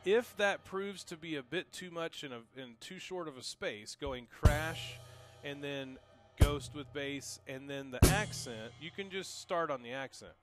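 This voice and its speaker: A man teaching drums in a relaxed, reassuring way, calling out strokes and counts as he plays. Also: fairly high pitch, normal speed, over loud music. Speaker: drum teacher. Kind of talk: casual instructional talk. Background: drum kit playing.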